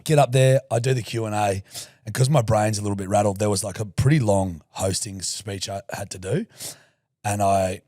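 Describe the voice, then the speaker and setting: A young adult man with an Australian accent, co-hosting a podcast and telling crude, jokey stories in a loud, lively voice. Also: on the low side, normal speed, dry recording, studio quality. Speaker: podcast co-host. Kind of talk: casual chat.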